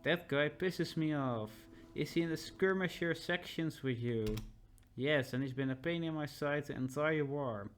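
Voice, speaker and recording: A man's voice: on the high side, measured pace, a little hiss or hum, natural voice. A man voicing a war-weary young soldier. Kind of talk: video game voice acting.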